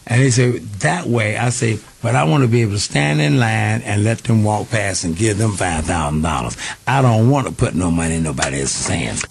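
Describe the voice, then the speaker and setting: Older man telling stories, low voice. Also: moderate pace, gravelly, hardly any pauses, husky. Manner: animated storytelling, acting out quoted voices. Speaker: interview guest, singer. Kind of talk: radio interview storytelling. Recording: faint hiss.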